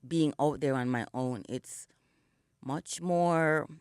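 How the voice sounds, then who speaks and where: At a slow pace, a middle-aged Jamaican woman, a singer guesting on the radio, speaks in a low-pitched voice that is a little mellow, clear and resonant. Reflective and storytelling, she uses many "you know" fillers, her morning voice not yet warmed up. The recording is dry and studio quality.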